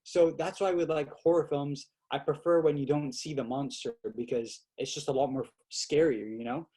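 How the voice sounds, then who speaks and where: A young man as a podcast guest, telling stories in a lively, casual way and acting out quotes, with lots of "like" fillers. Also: fairly high pitch, moderate pace. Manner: animated, acts out quotes with fillers like "like". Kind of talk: casual storytelling chat.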